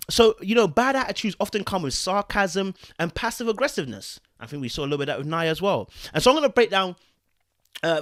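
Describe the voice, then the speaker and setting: A man's voice: fairly high pitch, a bit bright. A man hosting a podcast, giving his opinions in a preachy, emphatic way, mixing in slang and checking in with the listener often. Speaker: podcast host.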